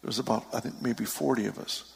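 Gravelly preacher man in a big hall. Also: medium pitch, fast talker, a little hiss or hum. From San Francisco Bay Area. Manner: storytelling, animated with laughs and rising emphasis. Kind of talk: sermon. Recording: long hall reverb.

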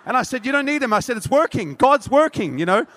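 A man with a high voice preaches in a sermon, telling stories and acting out every quoted line. His voice rings with a long reverb, as in a church hall. He now and then laughs at himself mid-story. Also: big pitch swings, fast, fairly bright tone.

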